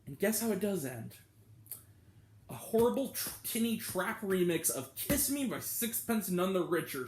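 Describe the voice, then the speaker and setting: Young male film reviewer, high voice, worked-up ranting delivery, echoey room. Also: lively intonation, moderate pace. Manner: exasperated, ranting. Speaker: movie reviewer.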